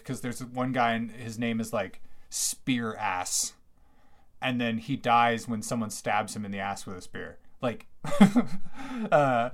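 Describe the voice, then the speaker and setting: A man hosting a solo podcast from home, chatting in a rambling, digressive way with many fillers and bursts of enthusiasm. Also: mid-range voice. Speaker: podcast host. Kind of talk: casual solo podcast monologue. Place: at home near a fridge.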